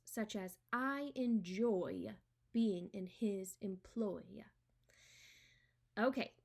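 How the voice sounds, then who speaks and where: Opening her homeschool spelling lesson with a fun pretend phone call, a woman with a mid-range voice goes on to dictate words in a slow, clear manner.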